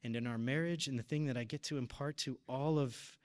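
Here a parish deacon or preacher in his thirties talks briskly in a mid-range voice. His sermon includes a personal testimony, which he relates with earnest emotion.

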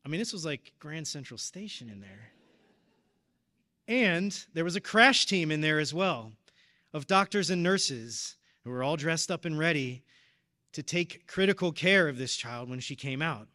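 A man's voice: a little high, animated, measured pace, bright, forceful tone. A man in his thirties preaching, telling a personal story in an earnest, emotional way. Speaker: deacon or preacher at a parish. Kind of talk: personal testimony in a sermon.

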